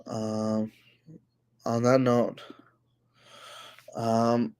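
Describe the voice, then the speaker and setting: A man's voice: medium pitch, monotone, extremely slow, darkish tone, clear, resonant tone. A man hosting a casual livestream, talking to his chat with lots of fillers and scolding trolls. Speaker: livestream host.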